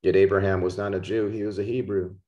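A man preaching a podcast sermon, slow and emphatic, repeating key words for stress. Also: low voice, little pitch movement, warm tone, muffled recording. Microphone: podcast microphone.

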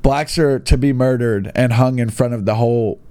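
A man's voice: mid-range voice, fairly even intonation, normal speed, dark tone, smooth, no room sound. A young man giving casual comedic commentary as he reads classified ads aloud, sarcastic and incredulous. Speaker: online video host reading classified ads.

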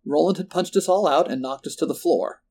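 A man's voice: a little high, a little fast, a little mellow. Man telling a first-person horror story. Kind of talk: scripted horror narration.

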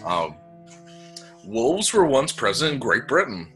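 A man's voice: medium pitch, very animated, takes it slowly, a bit bright, faint music behind. A man co-hosting a podcast, reading out facts in casual chat, hesitant and joking, with many fillers. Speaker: podcast co-host.

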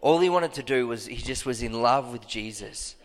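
A man preaching a sermon to his church with passion, now and then bursting into high, emphatic cries. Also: normal speed. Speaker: pastor. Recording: long hall reverb.

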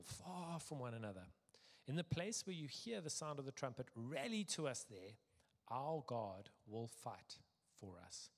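A male preacher reads scripture with dramatic pauses, his voice dropping softly at the ends of phrases. Then he slides into relaxed, conversational preaching with a few fillers. His voice carries a long reverb, as in a large church hall. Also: medium pitch. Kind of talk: scripture reading and sermon.

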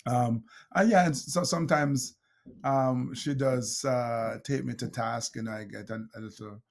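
A man's voice: medium pitch, steady tone, measured pace, vocal fry. A middle-aged man with a Jamaican accent, a guest telling anecdotes with frequent laughs, fillers and restarts. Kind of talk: storytelling conversation.

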